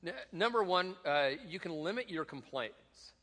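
A man's voice: high voice, expressive, normal speed, bright, forceful tone. A middle-aged man, a pastor preaching a sermon in a conversational, joking way, with many fillers and restarts, in a church sanctuary. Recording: long reverb in a large hall.

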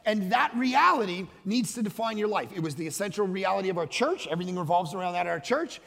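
A man preaching a sermon as the pastor, conversational and emphatic, swinging between loud stretches and hushed asides. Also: sits high, animated, quick pace, creaky. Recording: large hall with long reverb.

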